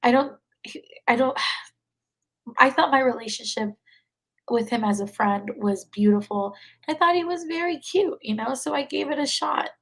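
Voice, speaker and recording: A woman's voice: high voice, moderate pace, gravelly, fairly bright tone, rough recording. A young woman in her twenties, a podcast guest, talking casually with many fillers and frequent laughs. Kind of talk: casual conversation.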